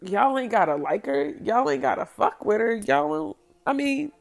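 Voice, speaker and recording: A woman's voice: medium pitch, big pitch swings, normal speed. A woman telling a personal story from her past, candid, blunt and profane.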